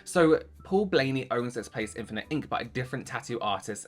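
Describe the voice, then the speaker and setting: A man's voice: mid-range voice, expressive, brisk, soft background music. A man hosting a reaction video, giving sarcastic commentary on social media posts and reading them aloud.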